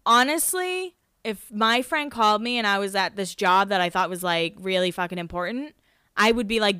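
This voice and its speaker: A woman's voice: medium pitch, normal speed, pushed and bright, clear, resonant tone, no room sound, clean studio sound. A woman hosting a podcast, recapping in casual chat, rambling, swearing and laughing at herself. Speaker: podcast host.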